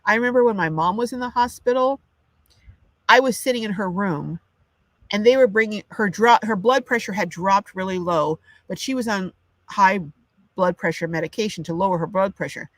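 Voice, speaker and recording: A woman's voice: medium pitch, normal speed, dry recording. An older woman hosting a live chat, ranting with indignation and reading out viewer comments. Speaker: livestream host. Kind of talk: casual livestream chat.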